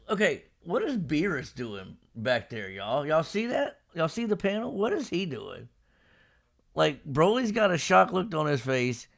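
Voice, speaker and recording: Gravelly man animatedly retelling a manga chapter. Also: a little high. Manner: animated retelling, acting out characters' lines with laughs. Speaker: podcast host. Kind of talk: casual manga discussion. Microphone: live stream microphone.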